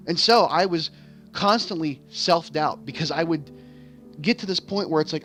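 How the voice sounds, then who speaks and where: A vlogger who also acts on stage talks candidly in a casual, rambling monologue, often repeating words and starting over. His voice is on the high side and a bit bright, and he speaks at a quick pace, with game music playing behind him.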